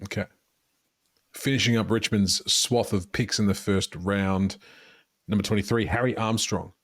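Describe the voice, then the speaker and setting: A man's voice: lowish voice, fairly even intonation, fairly bright tone, dry recording, clean studio sound. A man hosting a casual podcast, reading out picks and prompting his co-host. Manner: brisk, prompting, reads out picks.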